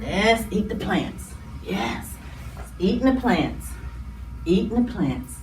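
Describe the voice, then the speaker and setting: Animated woman hosting children's storytime. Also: mid-range voice, a little hiss or hum. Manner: animated, drawn-out words, speaking to small children. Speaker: children's storytime host at a library. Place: library room. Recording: roomy, distant mic.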